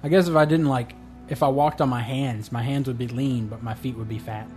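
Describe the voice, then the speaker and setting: A man's voice: mid-range voice, fairly even intonation, fairly quick, darkish tone, faint music behind. A man chatting casually, rambling and joking, often trailing off mid-sentence. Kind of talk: casual chat.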